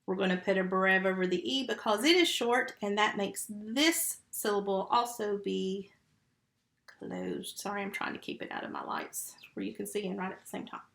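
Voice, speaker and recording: Very animated and speaking at normal speed, a woman sounds creaky and fairly bright, with a medium pitch. Working from home in an echoey room, she patiently sounds out letters and syllables one by one into a computer mic as a first grade phonics lesson for young children.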